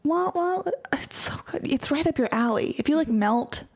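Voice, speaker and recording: A woman co-hosting a podcast in casual chat, talking quickly with lots of "like" fillers. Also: high-pitched, animated, darkish tone. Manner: chatty, frequent "like" fillers. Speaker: podcast co-host.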